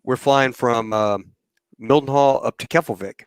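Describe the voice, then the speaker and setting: A man's voice: mid-range voice, unhurried, smooth, no echo. A man hosting a casual podcast, telling old flying stories and acting out radio calls and cockpit talk. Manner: animated anecdote telling with acted-out radio calls. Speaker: podcast host and former Marine pilot. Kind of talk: casual storytelling chat.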